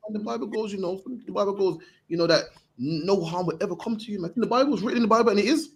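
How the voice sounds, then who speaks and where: A man preaching to a group, punchy and forceful, ending his lines with "man". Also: sits high, quick pace, breathy edge. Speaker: street preacher teaching a group. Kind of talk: impassioned preaching.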